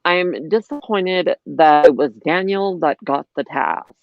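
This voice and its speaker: A man co-hosting a casual chat show, making wry, deadpan quips. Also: fairly high pitch, measured pace, vocal fry, dry recording. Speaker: podcast co-host. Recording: dry dull lo-fi audio.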